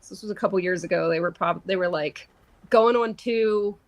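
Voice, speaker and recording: A woman's voice: medium pitch, a little fast, poor audio. Woman guest, casual storyteller, mid-range voice, video call audio. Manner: chatty storyteller, laughs often. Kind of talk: casual chat.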